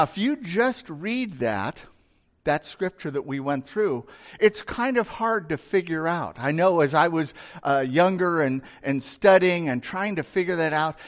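A male pastor delivering a conversational sermon, retelling scripture with acted voices. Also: fairly high pitch. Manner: conversational, animated storyteller.

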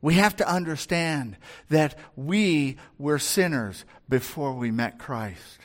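Man preaching a sermon in a high voice. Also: slow pace. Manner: conversational preaching, acting out quoted voices, rising to near-shouts. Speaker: pastor.

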